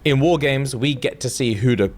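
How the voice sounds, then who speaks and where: A young man, casually retelling a book's plot on a podcast in animated, slangy talk. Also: mid-range voice, moderate pace. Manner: slangy, animated, acts out characters. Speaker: podcast co-host.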